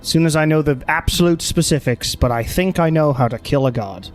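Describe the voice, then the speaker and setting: A man's voice: on the high side, brisk, faint music behind, natural voice. Fields: Figure: blunt Irish god, voiced by a man. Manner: curt.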